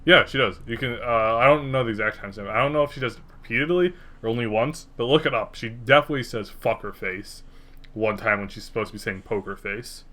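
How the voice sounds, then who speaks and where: Bright-voiced young guy rambling on a podcast. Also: mid-range voice, quick pace, hardly any pauses. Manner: rambling, laid-back, swears freely. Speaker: podcast co-host. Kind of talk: casual podcast chat.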